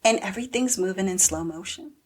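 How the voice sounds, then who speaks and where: A woman's voice: mid-range voice, fairly quick, slightly rough. Chatty woman recapping a show. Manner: chatty, animated retelling with acted-out quotes. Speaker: podcast co-host. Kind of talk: casual chat recapping a TV show.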